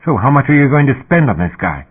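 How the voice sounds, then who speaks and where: A man voicing an angry, argumentative male miner who is loud and short of breath. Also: mid-range voice, sing-song, fast talker, husky, voice pushed up. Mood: heated, insistent. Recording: tinny phone-like audio.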